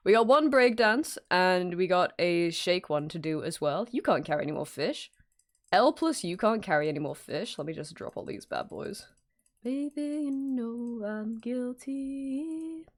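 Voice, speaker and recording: A woman's voice: mid-range voice, animated, measured pace. A woman streaming live in casual chat, greeting viewers by name and laughing often as she works from home.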